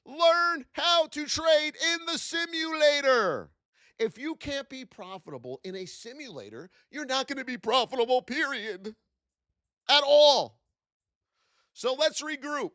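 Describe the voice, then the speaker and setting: Animated high-voiced man teaching trading. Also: unhurried, dry recording, clean studio sound. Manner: animated, rhetorical questions, shouts out viewers. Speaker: trading educator and live-stream host. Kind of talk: live-stream teaching.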